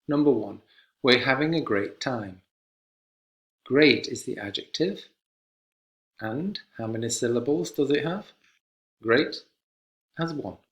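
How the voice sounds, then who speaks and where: A man teaching a basic English grammar lesson, speaking slowly and clearly and repeating examples for learners. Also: mid-range voice, fairly bright tone. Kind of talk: classroom lesson.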